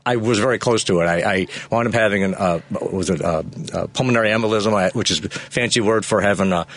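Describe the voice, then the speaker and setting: A man's voice: lowish voice, quick pace, fairly bright tone, dry recording. A man, the show's producer, telling a long story on air with frequent restarts and chuckles. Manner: rambling, restarts often, chuckles through stories. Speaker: radio show producer and co-host. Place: radio studio.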